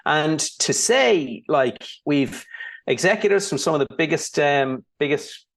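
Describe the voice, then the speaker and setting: A man, a founder who is a guest on a podcast, telling stories in a relaxed way and often restarting his sentences. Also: fairly high pitch, measured pace. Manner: relaxed storytelling, many restarts. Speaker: whiskey brand founder, guest. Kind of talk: casual interview chat.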